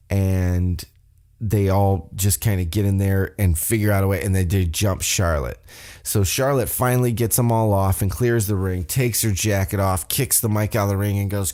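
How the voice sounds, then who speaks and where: A young man hosts a casual podcast recap, rambling excitedly and cursing now and then. His voice sits a bit low and sounds dark and mellow. He talks loosely, piling on asides. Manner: rambling, excitable, swears freely. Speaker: podcast host.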